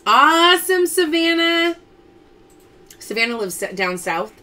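A woman's voice: high-pitched, sing-song, a little slow, sharp tone. A woman hosting a casual live-stream pearl sale from home, chatting and reading out viewer names as she calls results.

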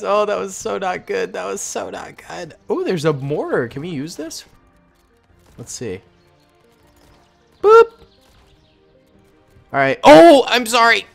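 Excitable man with lively jumping pitch. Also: vocal fry. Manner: excitable, jokey, bursts into yelps. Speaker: gaming YouTuber. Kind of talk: gameplay commentary.

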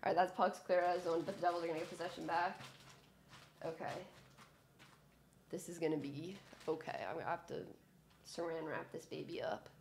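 A young woman giving a chatty live reaction to a hockey game as a fan, excitable and cheering loudly. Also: fairly low pitch, fairly quick, creaky, pauses often, a little hiss or hum. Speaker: sports fan streamer.

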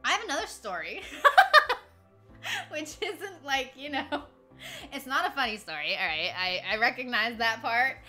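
Lively high-voiced young woman streamer. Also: fairly quick, faint music behind. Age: 20s. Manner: rambling, laughs often, greets chat mid-story. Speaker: livestreamer. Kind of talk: casual chat to stream viewers.

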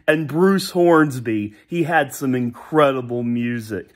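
A man's voice: medium pitch, slow pace, few pauses. A man in his thirties giving a rambling, nostalgic monologue for a vlog, breaking into hummed and sung bits of old songs. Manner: rambling, nostalgic, hums and sings song snippets. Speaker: vlogger. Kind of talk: casual opinion monologue.

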